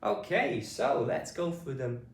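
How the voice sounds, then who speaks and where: A British man gives a slow phonics lesson, patiently pronouncing each word and spelling it letter by letter. His medium-pitched voice is animated and measured. The sound is roomy, with the mic at a distance and faint noise behind him.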